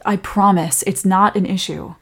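Breathy young woman, whispered role-play, soft protective girlfriend tone. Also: mid-range voice, steady tone, normal speed.

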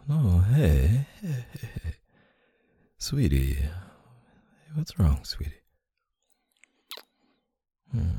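Male, deep husky murmur, dark tone; intimate audio role-play, close and unhurried. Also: dry recording. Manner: soft, close, murmuring partner voice.

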